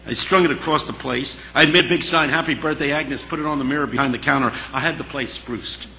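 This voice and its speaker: A man telling a story to an audience in an animated, dramatic way, in a hall with a long echo. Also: fairly high pitch, fast, creaky. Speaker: speaker. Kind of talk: storytelling speech. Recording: long hall reverb, faint hiss.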